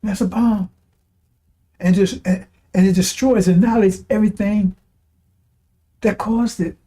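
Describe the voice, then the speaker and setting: High-voiced man preaching with mocking scorn. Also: fairly even intonation, unhurried, dark tone, breathy edge. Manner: mocking, scornful, breaks into laughter, repeats phrases. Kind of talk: impassioned religious broadcast sermon.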